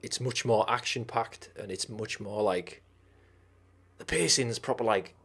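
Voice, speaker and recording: A man's voice: fairly low pitch, measured pace, creaky, a bit bright. A young man hosting a livestream, chatting loosely with viewers and rambling through filler words and restarts. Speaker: livestream host. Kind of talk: casual rambling livestream chat.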